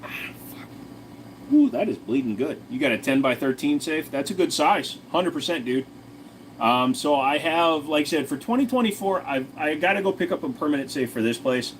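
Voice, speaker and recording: A man's voice: a little high, animated, fairly quick, slight background noise. A man in his forties with a Tennessee accent, hosting a casual livestream and chatting to viewers in a crude, profane, joking way. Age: 40s. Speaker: livestream host.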